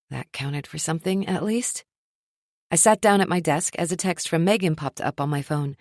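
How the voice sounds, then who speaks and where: Expressive woman narrating a romance audiobook. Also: fairly low pitch, no echo, studio quality. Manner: expressive, wry storytelling.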